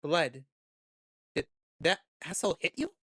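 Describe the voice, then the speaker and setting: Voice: medium pitch, very animated, measured pace, a bit bright, breathy edge, no echo, clean studio sound. A gaming streamer reading a visual novel aloud, joking, laughing and swearing at the story.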